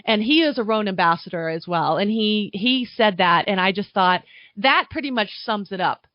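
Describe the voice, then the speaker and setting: A woman chats over a video call, working through her points with pauses and restarts. The line sounds dull and dry, with no room around her. Her pitch sits in a middling range. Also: expressive, dry recording. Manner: thoughtful, lists facts with pauses. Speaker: wine podcast guest. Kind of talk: casual chat on a video call.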